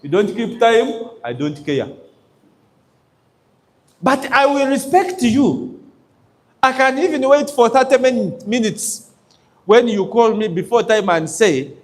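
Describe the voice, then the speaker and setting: A man's voice: extremely high pitch, sing-song, takes it slowly, pauses often. A man giving a motivational business talk to an audience, emphatic and checking in with his listeners. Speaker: business coach.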